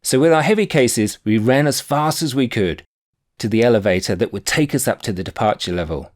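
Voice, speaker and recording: A man reading his own book aloud, telling a personal anecdote in a wry, animated way. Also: lowish voice, moderate pace. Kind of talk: audiobook narration of a personal anecdote.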